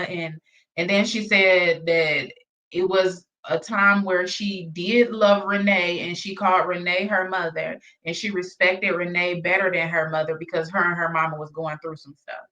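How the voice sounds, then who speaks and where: A woman's voice: lowish voice, fairly even intonation, measured pace, pushed and bright, dull audio. A woman hosting a reaction channel, chatting casually and exclaiming gossipy asides to her viewers.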